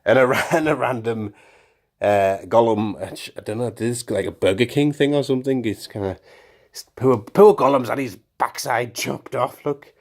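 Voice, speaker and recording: A man's voice: medium pitch, moderate pace. A man talking casually about his toy collection, rambling and correcting himself with jokey asides. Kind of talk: casual show-and-tell of collectibles.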